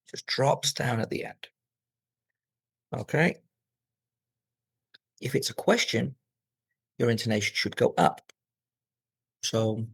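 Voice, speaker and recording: A man teaching an English speaking exam lesson, explaining tips clearly and modelling intonation aloud. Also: on the low side, fairly even intonation, slow pace, pauses often, a bit bright, no room sound, low-quality recording.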